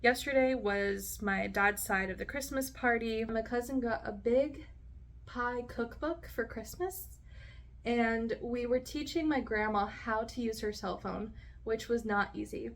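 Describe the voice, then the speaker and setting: A woman's voice: a little high, measured pace. A woman in her late twenties reading her teenage diary aloud, with chatty, giggly asides between entries. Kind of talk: casual diary reading with commentary.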